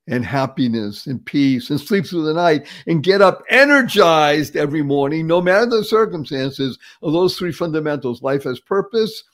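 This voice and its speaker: A man in his seventies from the Boston area, talking as an interview guest in an emphatic, upbeat motivational style, repeating words for effect and laughing often. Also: on the high side. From Boston area, USA. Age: 70s.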